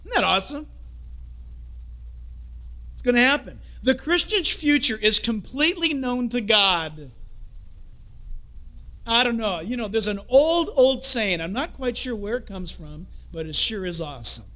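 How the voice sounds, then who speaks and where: A man's voice: extremely high pitch, a little slow, long pauses. A man preaching a sermon, telling stories and jokes and acting out the people in them. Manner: animated storytelling, acts out characters in the story.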